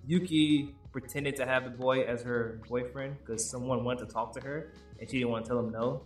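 A man's voice: mid-range voice, steady tone, moderate pace, soft background music. A young man co-hosting a podcast in casual chat, rambling and laughing as he acts out quotes. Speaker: podcast co-host.

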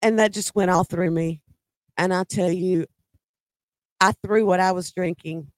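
A woman's voice: lowish voice, steady tone, a little slow, no echo. Middle-aged woman telling her own story, chatty, dry close mic. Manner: conversational, emphatic in quoted dialogue. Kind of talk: personal storytelling.

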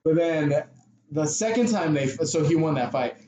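Excited young man in an echoey room. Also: fairly high pitch, moderate pace, slight background noise. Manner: excited, laughing, swears a lot. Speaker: podcast co-host. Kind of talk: casual chat.

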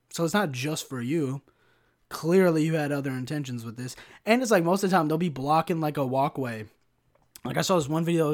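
A young man hosting a solo podcast rant, profane and sarcastic, constantly saying "bro" and "like". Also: a little high. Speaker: podcast host.

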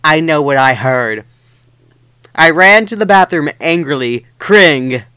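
A man's voice: fairly high pitch, lively intonation, takes it slowly, sharp tone, smooth, no room sound. A young man hosting a comedy podcast, reading fan fiction aloud with theatrical, mock-dramatic overacting.

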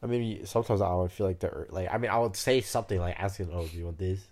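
A young man co-hosting a podcast in a bedroom, chatting casually with his sister, blunt and quick to swear and laugh. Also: sits low, a little mellow. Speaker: podcast co-host. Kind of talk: casual sibling chat. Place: bedroom, sitting on a bed.

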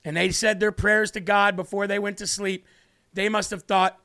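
A man's voice: sits high, fairly even intonation, moderate pace, sharp tone. A man hosting a live stream, giving earnest, repetitive political commentary while tearing up. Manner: earnest, repetitive, tearful emphasis. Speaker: livestream host.

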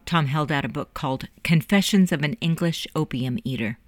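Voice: medium pitch, no echo, soft background music. Dry-voiced audiobook narrator. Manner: measured, storytelling. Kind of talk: scripted narration.

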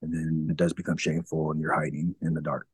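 Man, very low voice, frank storytelling, acts out old conversations, dry close sound. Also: monotone, fast, husky, no room sound. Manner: frank, laughs through hard memories, acts out past conversations. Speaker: interview guest. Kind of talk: candid personal storytelling.

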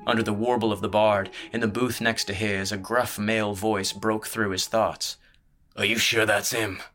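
A man reading a fantasy story aloud as narrator, in a measured, even storytelling delivery. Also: fairly low pitch, soft background music. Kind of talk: scripted audiobook narration.

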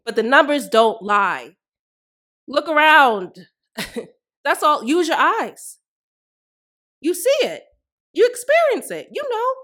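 A woman's voice: high voice, sing-song, takes it slowly, long pauses, fairly bright tone. A woman hosting a solo podcast, delivering fiery, profane commentary full of rhetorical questions. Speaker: podcast host.

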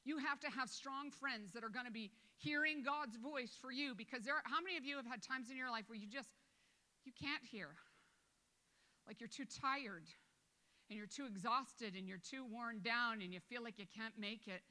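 A woman pastor preaching a sermon in a church, conversational, quoting scripture and breaking into quick asides. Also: a little high, sharp tone. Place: church sanctuary with a balcony. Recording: long hall reverb.

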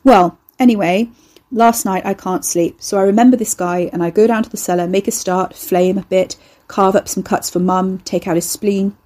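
A woman's voice: medium pitch, steady tone, moderate pace, a little mellow, close to an everyday voice. A woman voicing a cocky young man who is an eldritch horror in human form, talking in a casual, slangy, offhand way. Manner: casual, slangy, chatty, unbothered.

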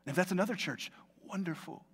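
A man's voice: sits high, quick pace, slightly rough. A male pastor preaching a sermon in a church, in a conversational, storytelling way. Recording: long reverb of a large hall.

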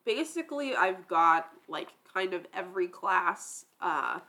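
A woman's voice: on the low side, expressive, a little slow, sharp tone. A woman hosting a casual podcast chat, playful and prone to trailing off mid-thought and laughing. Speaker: podcast host.

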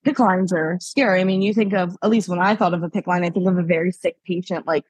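A woman's voice: fairly low pitch, fairly even intonation, quick pace, darkish tone, breathy edge, no room sound. A woman from Pennsylvania, a podcast guest, telling her story in a chatty, casual way, laughing often and acting out what people said to her. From Pennsylvania, USA.

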